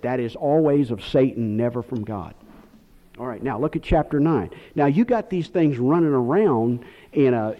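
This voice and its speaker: A man preaching a sermon, rambling off on tangents and then hammering his points hard. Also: medium pitch. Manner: rambling, digressive preaching with sudden emphatic outbursts. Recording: dull lo-fi recording.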